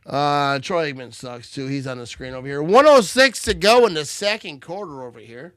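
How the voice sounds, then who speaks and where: High-voiced guy doing loud jokey play-by-play, a little buzzed, bright and dry sounding. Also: lively intonation, normal speed, no room sound. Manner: loud, joking play-by-play banter. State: tipsy. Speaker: livestream host. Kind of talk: live game watch-party commentary.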